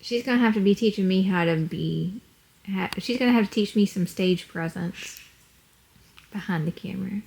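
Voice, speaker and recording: A woman's voice: medium pitch, normal speed, gravelly, darkish tone. A woman vlogging at home on a handheld camera, chatty, prompting her daughter with questions. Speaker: family vlogger, single mom. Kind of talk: casual chat.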